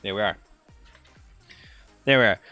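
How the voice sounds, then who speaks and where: A man's voice: lowish voice, measured pace, bright, forceful tone, faint music behind. A man running a tabletop game on a casual stream, laughing often, rambling and reading chat aloud.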